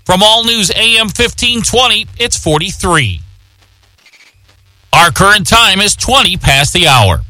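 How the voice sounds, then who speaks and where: A man's voice: sits high, animated, measured pace, pushed and bright, a little hiss or hum, rough recording. A man reading station promos and the time in an upbeat announcer style.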